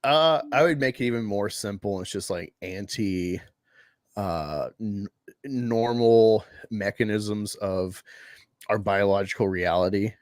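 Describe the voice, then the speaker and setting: A man's voice: lowish voice, slow, no echo. A man hosting a casual podcast chat, talking in a joking and sarcastic way. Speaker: podcast host. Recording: dry close mic.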